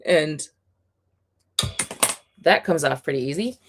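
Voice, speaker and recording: A young adult woman hosting a livestream, chatting casually and excitably with viewers, with many fillers and frequent laughter. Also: sits low, slow pace, background noise. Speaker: livestream host.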